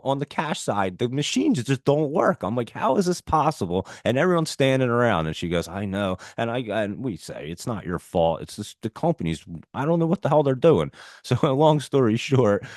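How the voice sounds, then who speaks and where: A man's voice: medium pitch, no echo, clean studio sound. A middle-aged man hosting a live market show, telling a long story in a rambling, casual way, with laughs and swearing. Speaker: stock market show host.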